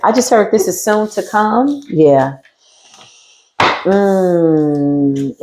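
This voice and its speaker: A woman giving a casual tarot reading with a sassy, mocking manner, swearing freely and laughing loudly. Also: measured pace, slight background noise. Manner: swings between low murmurs and high teasing squeals. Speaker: tarot reader.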